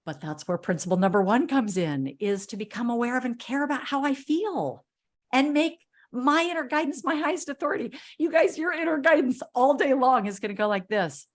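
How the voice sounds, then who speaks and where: A woman's voice: high voice, animated, a little fast. A middle-aged woman, a self-love coach, giving an enthusiastic motivational talk to a group and acting out little quotes in a playful way.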